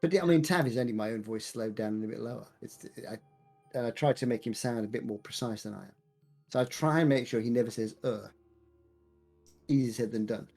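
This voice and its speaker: A man's voice: mid-range voice, fairly quick, vocal fry, a little mellow, faint music behind. A man casually chatting as a podcast co-host, thoughtful and rambling with frequent restarts. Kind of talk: casual chat.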